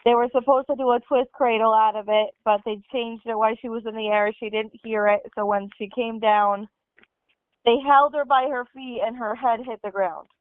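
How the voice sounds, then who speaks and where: A woman's voice: fairly high pitch, fairly even intonation, moderate pace, clean tone, no room sound. A young woman rambling through a family story as a guest on a casual podcast. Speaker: guest sister. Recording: tinny phone-like sound, dry.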